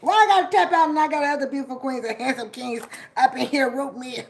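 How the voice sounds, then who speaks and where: A woman's voice: high voice, fast talker, vocal fry, hardly any pauses. A woman vlogger giving an emotional, motivational monologue, laughing often and swearing as she hypes up her listeners.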